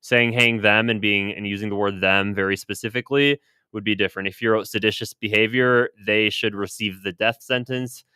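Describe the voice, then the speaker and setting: Male commentator, low clear voice, dry close mic, loose hesitant delivery. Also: steady tone, brisk, sharp tone, no echo. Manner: rambling, hesitant, with restarts and chuckles. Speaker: political commentator. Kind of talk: casual commentary on news clips.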